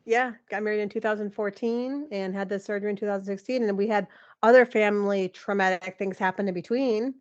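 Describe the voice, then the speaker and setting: A woman in her forties, a podcast guest, telling a personal story in an animated, emotional way, with lots of "like" and some laughter. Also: medium pitch, quick pace, lo-fi sound. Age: 40s. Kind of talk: candid interview storytelling.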